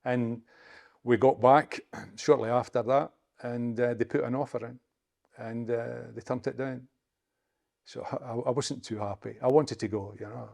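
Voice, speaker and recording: A Scottish man in his seventies spins a story for an interviewer, stumbling over words and repeating himself as he goes. His voice is gravelly and sits in a middle pitch. It is unhurried, chatty storytelling. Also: fairly even intonation, a little mellow. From Scotland. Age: 70s. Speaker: interview guest, former footballer. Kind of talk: anecdotal storytelling.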